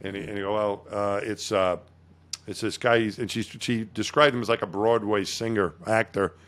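A man's voice: on the low side, fairly even intonation, normal speed, a bit bright. Middle-aged male podcast co-host, easygoing rambling storyteller. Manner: rambling storyteller with many restarts. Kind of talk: casual chat.

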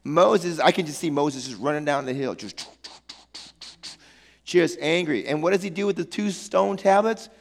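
A man preaching from the pulpit, his high voice roughened with a gravelly edge. He retells the story with animated energy and playful slang asides. The sound carries the long reverb of a large hall. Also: normal speed. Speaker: pastor. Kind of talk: sermon.

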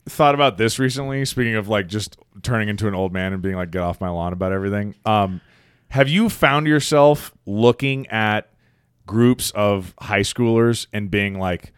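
A man's voice: moderate pace, clear, resonant tone, no room sound, clean studio sound. A young man co-hosting a casual podcast, swearing freely and joking that he is turning grumpy. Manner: profane, jokingly grumpy, sways between high and low. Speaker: podcast co-host.

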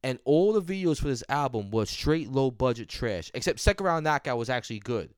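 Laid-back male co-host, smooth mid-pitched voice, casual and agreeable. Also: lively intonation, fairly quick, no echo. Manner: easygoing, agreeable, laughs along. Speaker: podcast co-host reviewing an album. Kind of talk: casual chat.

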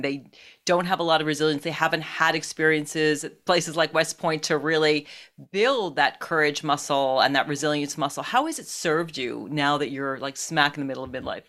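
A woman in her fifties hosts an interview podcast, asking questions in an encouraging, reflective way. Her voice is very low for a woman. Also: a bit bright. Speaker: podcast host.

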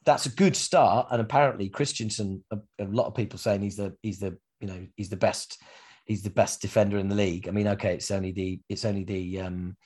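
A man's voice: on the low side, fairly even intonation, brisk, darkish tone, husky. A man co-hosting a football podcast, chatting casually with teasing banter and the odd swear word. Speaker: football podcast co-host, Leeds fan. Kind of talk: casual chat.

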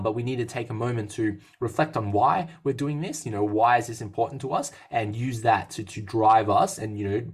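Upbeat fitness coach, husky voice. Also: male voice, mid-range voice. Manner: upbeat, rambling, many restarts and fillers. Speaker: fitness coach and podcast host. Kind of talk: casual podcast chat.

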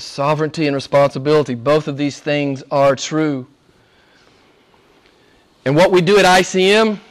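Emphatic preacher, a man with a higher voice. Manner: emphatic, repeats phrases, asks "right?" of the congregation. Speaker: pastor. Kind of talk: sermon. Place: church service.

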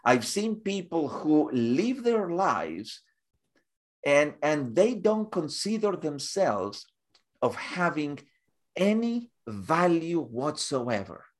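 A man talking as a guest in an interview, halting and repeating words as he builds up examples. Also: a little high, very animated. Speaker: guest speaker. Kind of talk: conversational interview.

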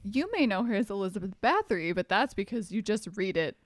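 A woman's voice: medium pitch, expressive, brisk, no room sound. A young woman co-hosting a podcast, chiming in with teasing quips. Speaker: podcast co-host. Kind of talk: casual chat.

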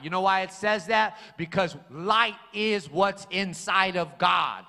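A man's voice: high-pitched, slow, gravelly, pushed and bright. A male pastor preaching a sermon, emphatic and repeating his key phrases for weight. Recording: long hall reverb.

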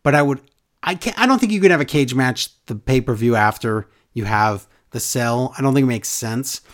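Speaking at a normal speed with a medium-pitched voice, this male podcast host keeps the chat casual and opinionated. He's animated and mocking, putting on exaggerated voices when he quotes wrestlers.

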